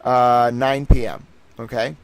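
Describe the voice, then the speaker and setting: A man's voice: mid-range voice, level tone, slow pace, no echo. A man talking in a casual livestream monologue, rambling and self-assured, swearing often and jumping between thoughts. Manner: restless, with many fillers and restarts. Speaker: streamer and citizen investigator.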